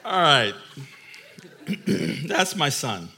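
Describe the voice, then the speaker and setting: A middle-aged father telling a story to camera in an animated, chuckling, emphatic way. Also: on the high side, extremely slow, gravelly.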